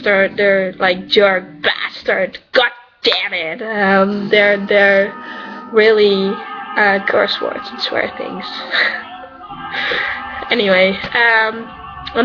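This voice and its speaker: A chatty Dutch woman talks casually to her viewers, rambling a little and leaning on easy fillers. Her voice sits at an ordinary middle pitch. The recording sounds dull and lo-fi, with clear music playing behind her. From Netherlands. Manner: chatty and rambling, many "you know" fillers. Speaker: vlogger answering questions about her character. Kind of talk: casual chat.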